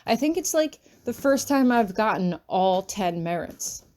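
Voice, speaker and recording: A woman's voice: medium pitch, lively intonation, a little slow, background noise, lightly acted. A woman voicing a bubbly, chatty teenage girl student in an audiobook reading. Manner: bright, chatty.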